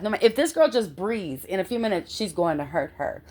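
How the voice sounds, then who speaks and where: A middle-aged woman tells a personal story in an animated, chatty way. She keeps checking in with her listener as she goes, and her voice sits at an ordinary middle pitch. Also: a little fast, hardly any pauses. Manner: animated, constantly checks in with "okay?".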